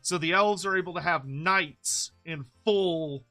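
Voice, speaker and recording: A man's voice: on the high side, a little slow, bright, forceful tone, soft background music. A man hosting a casual meme review, rambling with frequent swearing and mock-outraged rants. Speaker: YouTube host reviewing fan memes.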